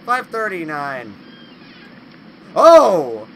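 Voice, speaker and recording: A man hosting a let's play horror game video, talking to the game and yelling at its monsters. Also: high voice, slow pace, long pauses, slight background noise, poor audio. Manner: loud, excitable, yelling insults at game monsters. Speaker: gaming video host.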